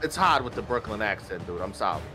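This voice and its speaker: Lively, joking male co-commentator. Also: fairly low pitch, quick pace, soft background music. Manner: jokey, loose banter. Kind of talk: wrestling commentary.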